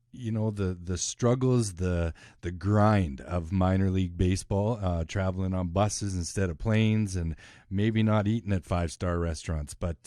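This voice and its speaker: A male podcast host with a fairly low voice asks long, meandering questions. The sound is dry and close, with no room echo. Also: mellow. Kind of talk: interview questions.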